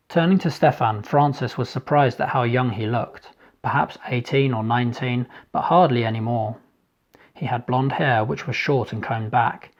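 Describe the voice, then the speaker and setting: A man, the author, reading his novel aloud in a measured, steady storytelling manner. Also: medium pitch, lo-fi sound. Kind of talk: scripted narration.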